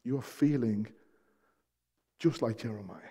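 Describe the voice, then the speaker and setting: A man preaching a sermon as pastor, shifting between soft, hushed passages and loud, emphatic peaks, repeating key phrases for weight. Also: medium pitch, unhurried, slightly rough. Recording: long hall reverb.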